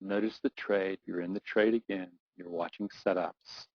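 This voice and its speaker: Low-voiced man guiding a calming visualization. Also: no room sound. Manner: slow soothing guidance that builds to urgent intensity, repeating phrases. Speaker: performance coach. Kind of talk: guided visualization exercise. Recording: dull lo-fi dry recording.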